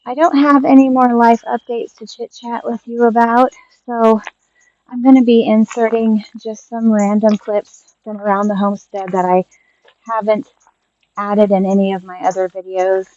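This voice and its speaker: A woman in her thirties chatting casually to camera on her homestead vlog, unhurried and dropping in frequent ums, recorded on a built-in camera mic. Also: on the high side, little pitch movement, a little mellow, dry recording, dull audio. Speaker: homestead vlogger. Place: rural homestead. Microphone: built-in camera mic, no external mic.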